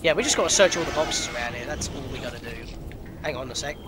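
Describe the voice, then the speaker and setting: A man narrating his gameplay in a chatty, excitable way with sudden outbursts. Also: medium pitch, fast, music in the background. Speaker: let's player. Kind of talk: gameplay commentary.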